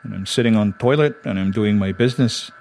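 A man voicing a gruff working-class father who blusters and threatens, then shouts in panic. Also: on the low side, fast, slight background noise, lightly acted. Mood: matter-of-fact. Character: scared, angry working-class adoptive father. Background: music.

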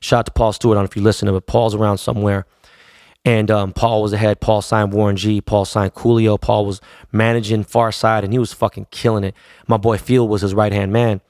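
A man's voice: fairly low pitch, little pitch movement, brisk, darkish tone, no room sound, studio quality. A man, a DJ telling stories casually in profane, laid-back street slang. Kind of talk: casual storytelling.

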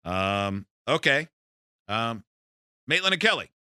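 A man's voice: mid-range voice, big pitch swings, takes it slowly, bright, forceful tone, smooth, dry recording, clean studio sound. A man hosting a radio show, running a party game with wry, joking banter.

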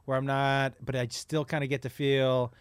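A man's voice: mid-range voice, level tone, moderate pace, smooth, no echo. A comedian guest chatting casually, rambling and often stopping to restart his sentences. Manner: rambling, self-interrupting. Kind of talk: casual conversation.

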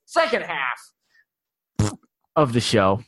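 A man's voice: mid-range voice, big pitch swings, extremely slow, a bit bright, husky, no echo. A man in his forties hosting a casual sports podcast, rambling with many fillers and restarts. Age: 40s. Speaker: podcast host.

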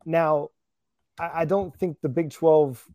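A man's voice: on the high side, fairly even intonation, slow, warm tone, no echo. A man as a guest on a sports podcast, talking casually and hesitantly, often correcting himself.

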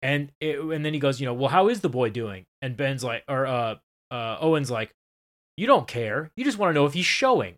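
A man co-hosting a casual podcast, recapping a show with animated, swearing retellings. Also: mid-range voice, fairly quick. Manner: animated, swearing, acts out scenes in quoted voices. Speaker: podcast co-host.

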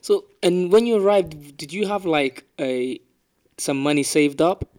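Male interviewer, curious and probing, pitch a bit raised. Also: measured pace, darkish tone. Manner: probing follow-up questions. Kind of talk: casual interview chat.

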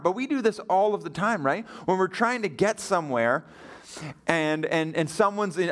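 A man's voice: fairly high pitch, a bit bright. A young adult man preaching a sermon as a guest pastor, telling a personal story in a conversational way and asking the audience questions.

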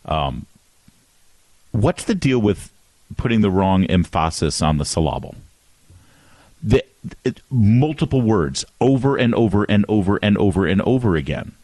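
A middle-aged man with a very low voice, talking into a dry, close broadcast mic. He fills in as a radio host and rambles in a loose, self-deprecating way, often stumbling and restarting his sentences. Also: animated, moderate pace, darkish tone, no room sound, faint music behind. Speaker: fill-in radio talk show host. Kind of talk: casual talk radio monologue. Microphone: studio broadcast microphone.

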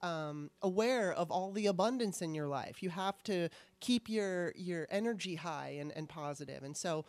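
A woman with a fairly low voice chats candidly as a podcast host, rambling through her thoughts and swearing now and then. Her voice sits close to the mic in a dry, dead-sounding space. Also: normal speed, few pauses, no echo. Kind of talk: casual conversation.

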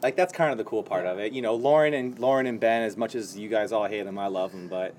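A man's voice: fairly low pitch, fast, darkish tone, a little hiss or hum. A young man in casual group chat, easygoing and rambling.

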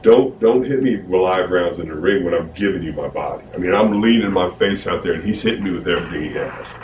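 Low-voiced guy rambling through an old ring story, roomy echo, sounds far off from the mic. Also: fast, a little hiss or hum. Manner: rambling, animated retelling. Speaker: wrestler telling a story. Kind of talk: casual storytelling. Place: archived interview played on a podcast.

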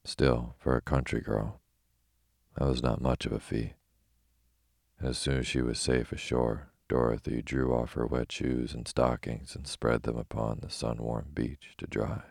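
A man telling a bedtime story in a calm, slow, soothing manner. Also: very deep voice, gravelly, husky, no echo, studio quality. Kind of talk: sleepy bedtime story reading.

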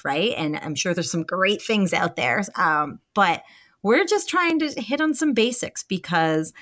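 Woman, 30s, podcast co-host; slightly low voice, calm reflective delivery, frequent fillers. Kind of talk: casual podcast chat.

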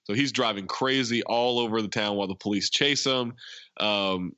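Bright-voiced man eagerly retelling a movie. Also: on the low side, normal speed, smooth, dry recording. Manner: eager, rambling, restarts as he retells. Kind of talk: casual chat recapping a movie. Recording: dry, dull lo-fi sound.

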